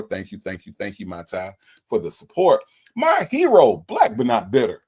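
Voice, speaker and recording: A man's voice: medium pitch, darkish tone. A man hosting a livestream, emotional and repeating his thanks to viewers again and again. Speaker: livestream host. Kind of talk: casual livestream shout-outs.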